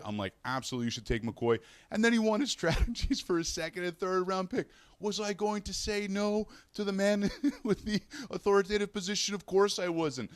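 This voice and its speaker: A Canadian man hosting a fantasy sports radio show from a hotel room, telling road stories in a chatty, animated way and acting out the people he quotes. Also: fairly high pitch, no echo. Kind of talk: casual solo show, storytelling.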